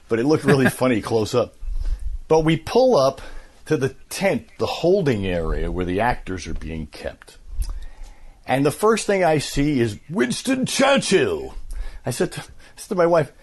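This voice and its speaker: A man in his fifties, a voice actor, telling stories in a casual interview with an animated, filler-laden manner. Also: mid-range voice, normal speed. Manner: animated storyteller, many fillers. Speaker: voice actor, guest.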